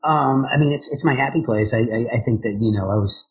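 A man being interviewed as a drummer and speaker, talking in an energetic, rambling way with many restarts. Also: mid-range voice, a little fast, slightly rough, rough recording. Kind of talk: casual interview chat.

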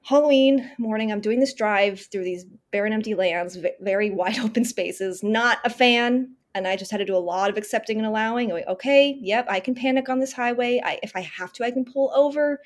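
A woman around thirty, sharing a personal story as a podcast guest. Her voice sits somewhat high, and she speaks with earnest emphasis, stumbling into restarts and playing out her own inner dialogue as she goes. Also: fairly quick, hardly any pauses. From Northern California. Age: 30s.

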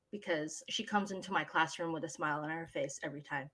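A woman from the Philippines talks about her teaching and voice work in a bright, forceful voice. She tells her stories expressively, like a practiced read-aloud teacher, speaking casually as an interview guest. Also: low-pitched, brisk, few pauses. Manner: animated storyteller, expressive. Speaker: guest, voice talent, former teacher.

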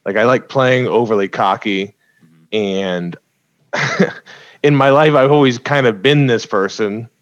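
A man's voice: mid-range voice, dry recording, lo-fi sound. A man, a stand-up comedian, talking casually about his jokes on a podcast and laughing often between points. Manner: laughs often, quick asides. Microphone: podcast mic.

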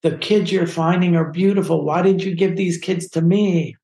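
Man voicing a warm, upbeat agency boss, pitched up, roomy echo. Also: steady tone, normal speed. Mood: encouraging. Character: kindly middle-aged male agency boss.

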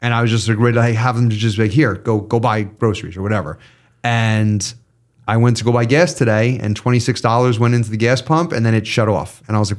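A man hosting a casual podcast, ranting with lots of swearing, then reading sponsor ads. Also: lowish voice. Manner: ranting, profane, animated. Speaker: podcast host. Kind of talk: casual podcast chat and ad reads.

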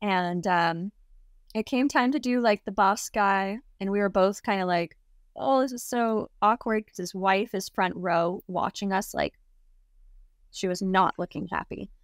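A woman guest telling a story in a casual, lively way. She laughs often and acts out the people she quotes. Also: mid-range voice, measured pace, no echo, studio quality. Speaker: interview guest.

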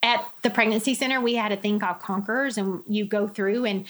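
A woman's voice: medium pitch, fairly quick. Earnest woman telling her testimony. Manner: earnest, candid, quotes others in lively voices. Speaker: guest sharing her testimony. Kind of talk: personal testimony in conversation.

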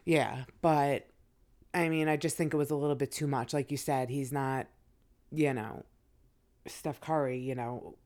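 A woman co-hosting a podcast as a guest, telling gossip stories in a relaxed, chatty way. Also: very deep voice, a little slow. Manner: laid-back, chatty storyteller. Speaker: guest co-host. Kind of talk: casual podcast chat.

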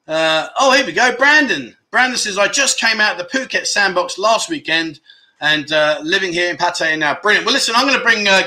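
Cheeky man, bright high voice. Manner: cheeky, teasing banter. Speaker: livestream host. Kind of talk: casual chat reading viewer comments.

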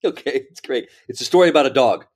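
A man's voice: medium pitch, fast, husky. A man, a speaker and professor, telling a story in a conversational interview, often checking in with the listener. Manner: animated, checks in with "right?" and "okay?".

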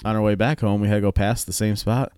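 A man's voice: on the low side, level tone, quick pace, a little mellow, smooth, no room sound, studio quality. A man co-hosting a casual podcast chat, telling stories with lots of swearing and laughter. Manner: profane, storytelling, laughs often. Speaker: podcast co-host.

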